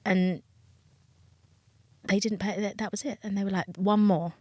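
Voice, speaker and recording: A woman's voice: mid-range voice, level tone, moderate pace, warm tone, no room sound. British woman, middle-aged, frank and emotional, dry sound. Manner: frank, emotional, acts out quoted voices. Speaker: dating coach and TV guest. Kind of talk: candid interview talk.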